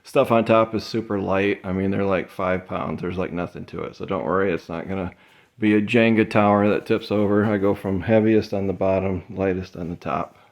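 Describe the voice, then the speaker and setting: A man from the Midwest talks in a loose, rambling vlog style, full of fillers. He sounds tired and sweaty after work in an insulated garage, and his voice sits a little low. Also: normal speed, gravelly. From American Midwest. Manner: relaxed, rambling, chatty with fillers. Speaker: eBay reseller vlogger. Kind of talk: casual vlog talk.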